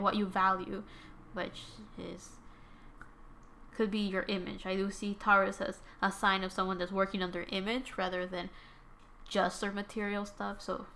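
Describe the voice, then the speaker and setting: A woman's voice: mid-range voice, gravelly, a bit bright, a little hiss or hum. A woman whose first language is Spanish, giving a casual tarot reading. She rambles, corrects herself and uses many fillers. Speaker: tarot reader.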